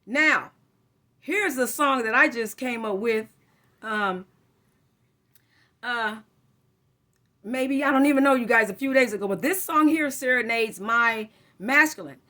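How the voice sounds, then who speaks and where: Female tarot reader, somewhat high and very bright tone, loose rambling delivery full of slang. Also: unhurried, pauses often. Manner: rambling, informal, frequent self-corrections and slang. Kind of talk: casual spiritual reading to camera.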